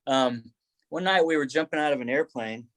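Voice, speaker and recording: A middle-aged man telling military stories on a podcast, laughing often and acting out quotes in a higher voice. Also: normal speed, a crowd in the background. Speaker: podcast guest, former Army Ranger. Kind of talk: casual storytelling.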